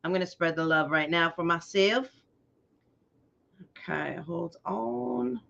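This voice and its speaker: Woman craft livestream host, loud and bubbly, bright edge, muffled lo-fi sound. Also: fairly low pitch, takes it slowly, creaky. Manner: loud and excitable. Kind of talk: chatty live craft tutorial, greeting viewers. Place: at her craft table.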